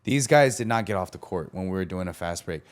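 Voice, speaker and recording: A man's voice: deep voice, fast. A young man hosting a podcast, telling a personal story in a casual, slangy way and acting out what others said. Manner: animated, acts out the quoted lines of others; casual, slangy, many fillers. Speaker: podcast host.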